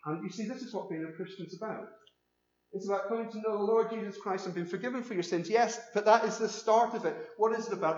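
A man preaching with animated emphasis, his voice sitting a little high. The sound is roomy and echoey. The recording is somewhat muffled. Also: slight background noise. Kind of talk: sermon. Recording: echoey room, dull sound.

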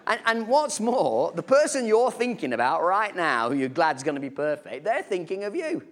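Lively preacher with playful asides. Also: male voice, fairly high pitch, moderate pace. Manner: conversational and humorous, with playful asides. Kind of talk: sermon. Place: church.

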